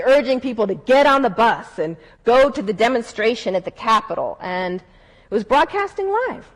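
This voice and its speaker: High-voiced woman, earnest storytelling speech. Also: rough recording. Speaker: civil rights lawyer and advocate.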